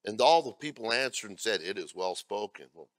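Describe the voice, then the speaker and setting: A male pastor delivering a sermon, moving between loud scripture readings and blunt asides to the congregation. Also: fairly low pitch, lively intonation, fairly quick, no room sound, studio quality. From America. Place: church.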